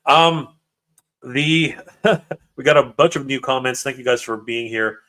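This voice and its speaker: Man, livestream host, emotional, excited, tripping over words, mid-pitched. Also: a little slow. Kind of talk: casual livestream chat reading comments.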